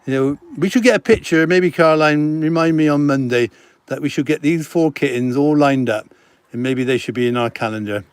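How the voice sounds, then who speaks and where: A middle-aged man hosting a casual live stream from a farm, chatting warmly about the animals with giggles and cooing baby-talk at them. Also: fairly high pitch, brisk, clear, resonant tone, no echo. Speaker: farm centre host. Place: outdoors on a farm.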